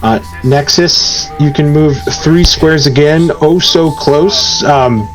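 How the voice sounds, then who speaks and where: A man running a tabletop horror game as game master, narrating in a measured, hesitant way with frequent pauses. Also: a little high, rough recording. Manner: measured, slow, hesitant with many ums. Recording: faint music behind.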